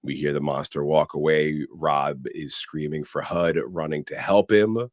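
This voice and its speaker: A man with an extremely deep voice tells the story of a film, co-hosting a casual podcast. He narrates in an animated way and drops in sound words for effect. His voice is recorded dry and close, with no room sound. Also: measured pace, few pauses, no room sound. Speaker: podcast co-host. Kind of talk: casual movie recap.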